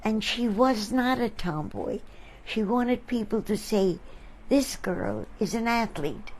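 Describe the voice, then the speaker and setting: A woman hosting a talk, telling reflective stories about friends to an audience in a slow, thoughtful way. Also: on the high side, very animated, darkish tone, slight background noise, poor audio. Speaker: artist and host.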